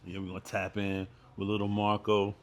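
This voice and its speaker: Male co-host, low voice, relaxed and agreeable sidekick. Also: fairly quick, background noise. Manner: laid-back listener, lots of short agreeing replies. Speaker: podcast co-host. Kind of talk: casual chat.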